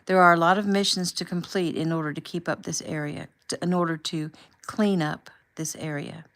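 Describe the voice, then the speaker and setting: Woman voicing a soft-spoken young soldier. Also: fairly low pitch, fairly even intonation, normal speed. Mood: warm. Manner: soft, quiet, affectionate. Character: young man, soldier on deployment, tender.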